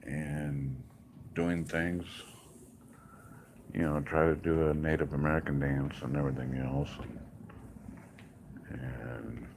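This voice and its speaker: A man's voice: very deep voice, steady tone, slow, pauses often, a little mellow, slight background noise. A man in a hospital room giving a casual, rambling update, telling stories with many asides. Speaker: vlogger.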